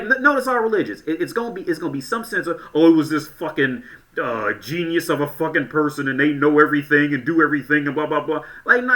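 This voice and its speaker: A man's voice: on the high side, sharp tone. A man giving casual reaction commentary in a blunt, crude way, often stammering and restarting his sentences.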